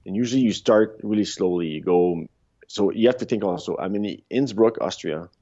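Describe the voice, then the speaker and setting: A man in his fifties, a podcast guest, telling rambling, animated stories in a casual interview, with frequent restarts. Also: lowish voice, normal speed. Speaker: podcast guest, former luge athlete. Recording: dull lo-fi sound.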